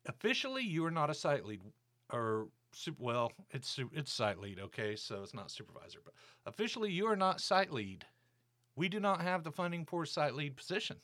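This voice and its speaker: A man's voice: fairly high pitch, big pitch swings, fairly quick, a bit bright. A man voicing his brusque, arrogant older male boss, an ex-military type who talks in a dismissive, commanding way. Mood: angry.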